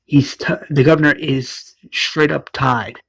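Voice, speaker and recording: A man casually retelling an episode, rambling with lots of "like" and quick self-corrections. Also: a little high, fairly even intonation, gravelly, fairly bright tone, husky, dry recording, rough recording. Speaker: show recap narrator.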